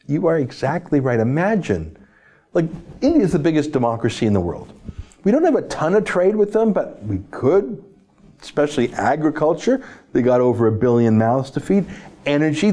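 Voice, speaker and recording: A man's voice: fairly high pitch, very animated, fairly quick, mellow. A man hosting a political talk show, talking in an emphatic, exclamatory way. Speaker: host.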